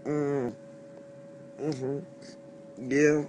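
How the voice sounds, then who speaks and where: A man vlogging from his lorry cab before dawn, talking in a slow, drowsy, wry and grumbling way. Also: a little high, darkish tone, slight background noise. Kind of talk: casual early-morning vlog. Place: inside a lorry cab at night.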